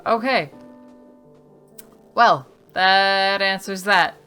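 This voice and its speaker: A woman's voice: medium pitch, very slow, bright, forceful tone, clean tone, soft background music. A woman giving casual, wry commentary on a game she is playing, reading the dialogue aloud and joking about it. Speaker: let's play streamer.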